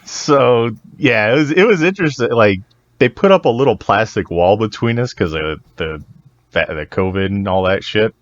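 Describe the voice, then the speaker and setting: A man's voice: on the low side, normal speed, no echo, dull audio. A man co-hosting a podcast, telling a story casually, laughing often and acting out the people he quotes. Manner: animated, laughs often, acts out voices in quotes. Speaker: podcast co-host.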